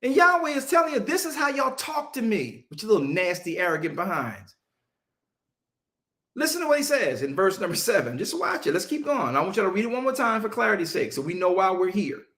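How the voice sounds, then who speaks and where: A male preacher teaching a Bible-study sermon, emphatic and conversational, drawing answers from his listeners and slowing down to stress scripture. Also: high voice, very animated, fairly bright tone. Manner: casual Southern-leaning vernacular, mocking asides.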